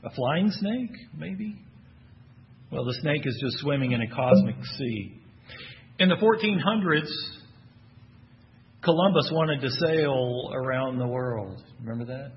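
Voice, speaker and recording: In a muffled recording, a man with a Texan accent delivers a sermon at a slightly slow pace with long pauses. His medium-pitched voice turns animated as he asks the congregation questions and answers them with emphatic bursts.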